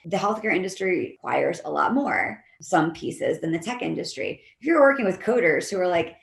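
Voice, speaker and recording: A woman behavior analyst, a guest in an interview, explaining her methods in a lively way and acting out the voices of the people she quotes. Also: on the low side, moderate pace, gravelly, reverberant. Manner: animated, acts out quoted voices. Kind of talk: conversational interview.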